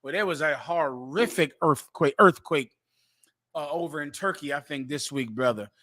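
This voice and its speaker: Forceful bright-voiced man preaching. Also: fairly high pitch, moderate pace, no room sound. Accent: American. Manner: forceful, declaiming, repeats phrases for emphasis. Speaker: talk show host. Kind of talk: preaching commentary on a live show.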